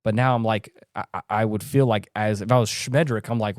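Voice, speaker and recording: A young man co-hosting a podcast, talking casually about a film in a rambling, animated way and acting out the characters' lines in high voices. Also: brisk, hardly any pauses, dry recording, clean studio sound. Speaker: podcast co-host.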